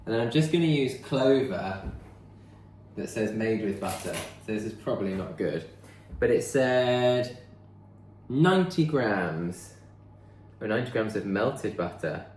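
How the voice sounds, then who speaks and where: A man's voice: on the low side, lively intonation, measured pace, a little mellow, roomy sound, a little hiss or hum. A man chatting casually as he bakes in his kitchen, thinking aloud as he goes. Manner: chatty, rambling, thinks aloud while baking. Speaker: vlogger. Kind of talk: casual chat. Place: home kitchen.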